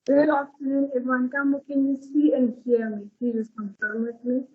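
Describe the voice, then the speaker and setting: Young woman doing the formal thank-yous on a muffled call, fairly high voice. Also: little pitch movement, normal speed. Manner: polite, formal, listing thanks. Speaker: vice chairperson of a student society. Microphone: video call. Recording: dull lo-fi call audio.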